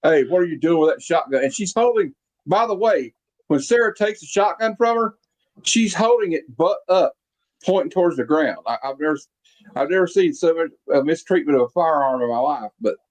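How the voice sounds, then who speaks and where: A man with a fairly high, expressive voice hosts a casual movie review podcast at a moderate pace, rambling with plenty of fillers and restarts. He's recorded over a video call, and the audio is rough.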